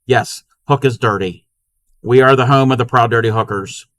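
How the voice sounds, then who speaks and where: A man chatting casually with his live-stream chat while crocheting, sometimes counting stitches quietly to himself. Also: medium pitch, normal speed.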